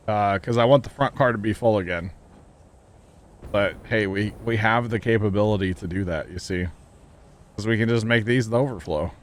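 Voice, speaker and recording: A man chatting casually while livestreaming a video game, rambling and joking as he thinks out loud. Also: fairly low pitch, slight background noise. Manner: rambling, jokey, thinking aloud. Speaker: game streamer. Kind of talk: casual gameplay livestream chat.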